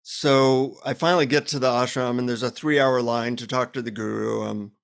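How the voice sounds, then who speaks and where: Man, interview guest, animated storyteller, self-deprecating, middle pitch. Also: normal speed, vocal fry.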